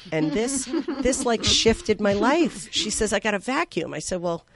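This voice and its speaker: A woman guest telling a heartfelt personal story, with many fillers, sometimes slow and soft and sometimes loud and excited. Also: mid-range voice, a crowd in the background.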